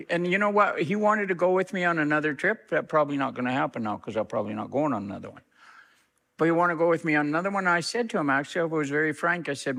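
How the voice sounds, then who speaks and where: A middle-aged reverend, a man, telling a story in an interview, lively and acting out what others said. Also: fast talker, gravelly. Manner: animated storyteller, acts out quoted speech with big pitch jumps.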